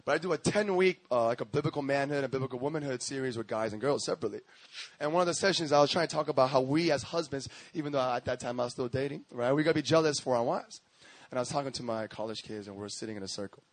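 A male pastor preaching a sermon, telling stories in a lively, slangy way and often laughing as he talks. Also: medium pitch, very fast, no echo. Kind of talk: sermon with storytelling.

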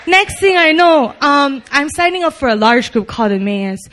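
A woman's voice: high voice, big pitch swings, moderate pace, fairly bright tone, some chatter behind. A young woman giving an earnest personal testimony at a church service, with small nervous laughs between lines. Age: young adult.

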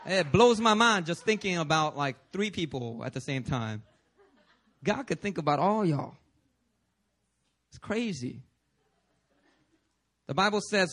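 A man preaching a sermon, animated, acting out voices and laughing often. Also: fairly high pitch, normal speed. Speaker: pastor.

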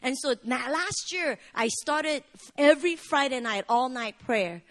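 A woman in her thirties delivers a sermon with a high voice. Her pitch moves widely from phrase to phrase. She swings between emphatic, near-shouted lines and quiet, low asides. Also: expressive, a little slow. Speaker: pastor.

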